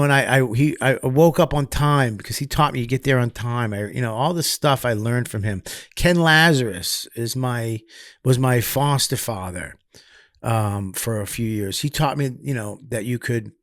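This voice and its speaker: A man, a comedian guest on a podcast, telling candid stories in a profane, animated way, swinging between loud bursts and quiet asides. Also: medium pitch, no echo, studio quality. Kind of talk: candid storytelling.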